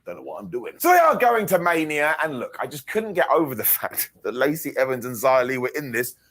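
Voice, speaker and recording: A man's voice: mid-range voice, very animated, a little fast, fairly bright tone. A man co-hosting a podcast, recapping wrestling in a playful, self-mocking way. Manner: playful, self-mocking storyteller who acts out quotes. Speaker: podcast co-host.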